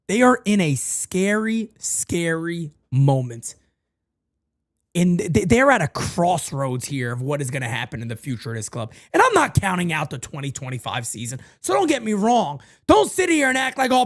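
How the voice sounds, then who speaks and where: A man hosting a sports talk show, launching into an emphatic rant in a high voice with big swings in pitch. He repeats his points for emphasis. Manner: animated and emphatic, repeats phrases. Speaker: podcast host.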